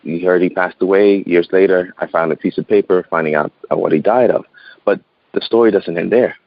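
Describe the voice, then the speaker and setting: Deep-voiced man in his thirties, earnest. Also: fairly quick, creaky, no room sound, muffled recording. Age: 30s. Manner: earnest, repeats words, laughs often. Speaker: interview guest. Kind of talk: phone interview, personal storytelling. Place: outdoors.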